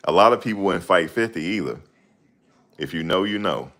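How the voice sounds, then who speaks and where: A man's voice: low-pitched, animated, moderate pace, a bit bright. A man in casual chat, talking in a slangy, rambling way and often searching for names. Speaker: host.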